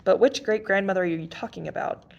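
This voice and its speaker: A man's voice: sits high, brisk, creaky, highs cut off. A woman reading aloud and voicing a teasing, amused hooded male rider in a cheerful, mocking tone.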